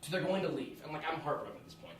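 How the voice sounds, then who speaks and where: A young American man tells a personal story on stage in a small theatre before a live audience, animated and laughing between lines. His voice is on the high side and his delivery rapid-fire. The room is echoey, he's far from the mic, and the audience can be heard.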